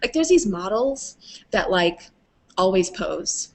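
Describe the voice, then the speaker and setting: A woman's voice: medium pitch, expressive, slow, darkish tone. A woman hosting a playful, casual video chat with fans, laughing often. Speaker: host. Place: video call. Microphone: video call.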